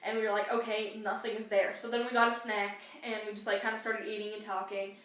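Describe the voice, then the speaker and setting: A woman's voice: mid-range voice, little pitch movement, quick pace, a bit bright. Chatty woman with put-on British accent. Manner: chatty, many "like" fillers, giggly. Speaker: co-host. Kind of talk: casual storytelling vlog. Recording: very echoey room.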